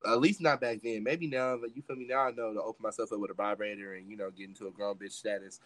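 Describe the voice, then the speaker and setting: With a crowd audible behind him, a young podcast co-host narrates a story fast in a lowish, steady voice. He leans into the drama, voicing every quote and swearing without restraint.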